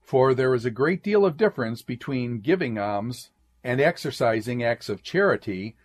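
A man reading an old sermon aloud in a measured, deliberate way, speaking each "quote" and "end quote". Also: mid-range voice, expressive. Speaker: sermon reader.

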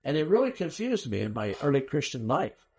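A man giving a conversational teaching sermon on Bible translations, animated and acting out quotes with sarcastic flair. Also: medium pitch, fairly quick.

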